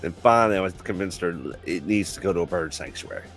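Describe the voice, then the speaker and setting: A man's voice: low voice, fast talker, faint music behind. A man in casual chat on a live show, telling long stories and laughing often.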